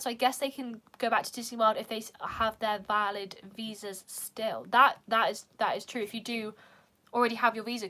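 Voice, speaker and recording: Young British woman vlogger, high-ish bright voice, rambling and casual. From United Kingdom. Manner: chatty, peppered with "like". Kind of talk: casual chat.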